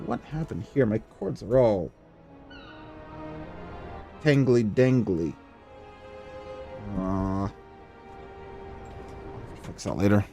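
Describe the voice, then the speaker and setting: A man's voice: lowish voice, lively intonation, extremely slow, gravelly, pauses often, warm tone, soft background music. A man streaming a game, thinking aloud in a chatty, self-deprecating way. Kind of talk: casual gameplay commentary.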